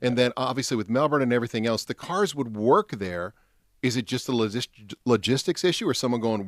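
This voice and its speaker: Fast-talking joking radio host, dry studio. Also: male voice, mid-range voice, no room sound. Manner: joking, excitable, talks over guests. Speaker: radio morning show host. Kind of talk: casual studio chat.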